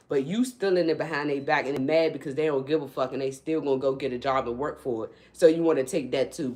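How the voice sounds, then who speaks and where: A woman spiritual reader ranting on her livestream, blunt and profane, swinging from low muttering to loud, high-pitched outbursts. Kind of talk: unscripted livestream rant.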